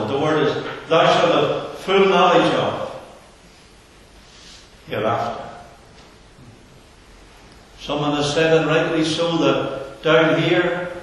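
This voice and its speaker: A man preaching a sermon in an earnest, slow manner, sinking his voice low for emphasis. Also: fairly bright tone. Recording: echoey hall from far off.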